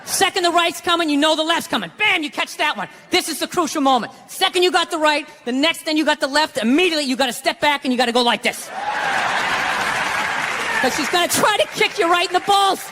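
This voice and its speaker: A man's voice: very high-pitched, fast, sharp tone, a faint crowd, slight background noise. A middle-aged man doing stand-up, telling a story in an exasperated, profane rant full of "right?" asides. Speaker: stand-up comedian. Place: comedy stage before a live audience. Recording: live stage with hall reverb. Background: audience laughter.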